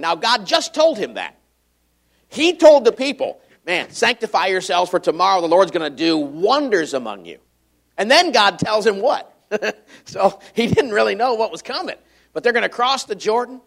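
A man's voice: sits high, sing-song, normal speed, vocal fry, a bit bright. Folksy joking male preacher. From Michigan. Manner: folksy and joking, with scripture read aloud in a raised voice. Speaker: visiting preacher. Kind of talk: sermon.

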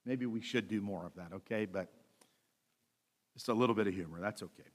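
A male pastor delivering a sermon, reading scripture slowly and adding light asides with a bit of humor. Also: lowish voice. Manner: preaching with light humor, slows to read scripture aloud.

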